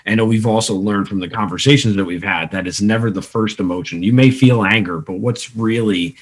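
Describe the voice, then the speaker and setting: A man's voice: fairly low pitch, fairly quick. A man co-hosting a podcast, reflective and thinking aloud, often repeating words as he goes. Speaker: podcast co-host. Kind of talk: casual conversation.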